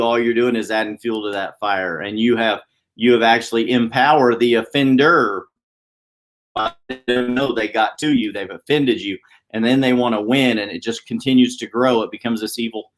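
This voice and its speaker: Man host, quick chatty motivational live-stream talk, mid-pitched, office setting. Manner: fast-talking, upbeat, chatty. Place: downtown office.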